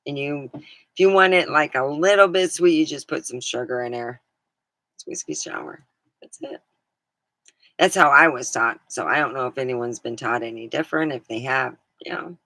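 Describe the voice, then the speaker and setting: Chatty woman with a bright voice. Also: a bass voice, normal speed, no room sound, rough recording. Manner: meandering and chatty, with mild swearing. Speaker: livestreamer. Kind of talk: casual rambling chat.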